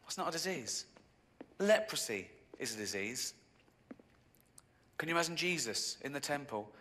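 A middle-aged man with an English accent doing a stand-up comedy set, mocking and sardonic, sometimes jumping into a high squeaky voice for the people he quotes. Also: big pitch swings, normal speed, sharp tone. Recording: video game audio capture with background noise.

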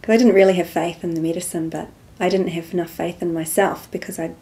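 Woman, low flat voice, mellow tone, quiet storytelling, interview guest. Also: quick pace, slight background noise. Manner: soft-spoken storytelling, acts out quoted dialogue. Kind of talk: personal spiritual testimony.

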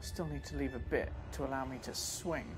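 A man's voice: medium pitch, fairly even intonation, moderate pace. Chatty man streaming a game. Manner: chatty, self-mocking, talks to viewers. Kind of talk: live gameplay commentary. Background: game music.

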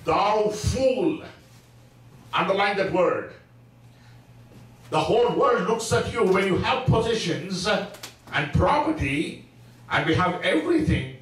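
A man teaching a Sabbath School lesson in a church, preaching slowly and emphatically with frequent fillers. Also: sits high, fairly bright tone. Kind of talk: church Bible-study sermon. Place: church hall. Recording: echoey hall, mic at a distance.

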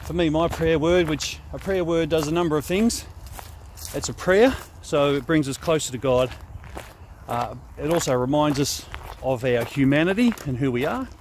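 Australian man, slightly higher voice, walking and talking outdoors, a little breathless, easygoing teacher tone, faint outdoor noise. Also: normal speed. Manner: relaxed, conversational, often asks "right?". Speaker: host and spiritual director. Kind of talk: walking vlog teaching prayer. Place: outdoors in bushland on a walking track.

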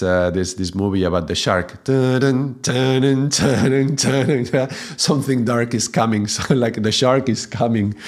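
Male yoga teacher, unhurried and soft-spoken, low pitch, keeps asking "yeah?". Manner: gentle, unhurried, often asks "yeah?". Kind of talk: spiritual teaching talk.

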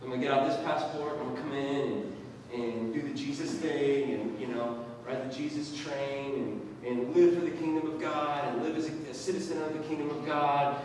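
A man's voice: mid-range voice, fairly even intonation, normal speed, few pauses, darkish tone, far from the mic, a little hiss or hum. A man preaching a sermon as pastor, telling a personal story in a loose, conversational way. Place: church hall. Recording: echoey hall, voice from afar.

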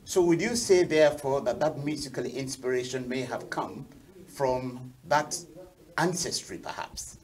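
A man runs a talk show in a measured, courteous manner. His voice sits at an ordinary pitch. He questions a guest politely and introduces each track. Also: a little mellow. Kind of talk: formal interview hosting.

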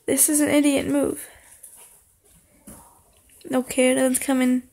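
Young woman doing horror game commentary, high voice with a gravelly edge, yells at the screen when scared. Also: little pitch movement, a little slow, long pauses, slight background noise. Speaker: gaming channel host.

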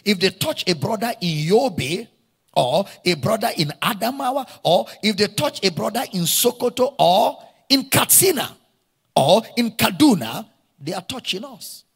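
Speaking Nigerian English in a sing-song way, this pastor leads his congregation through call-and-response, repeating key phrases to drive them home. His high voice is creaky, slightly rough, and a little slow, and it echoes through the church hall.

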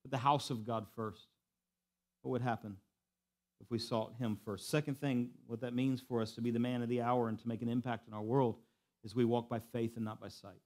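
A pastor preaching a sermon to a church, repeating key lines for emphasis and swinging from quiet to loud. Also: male voice, mid-range voice, steady tone, fairly quick. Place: church sanctuary.

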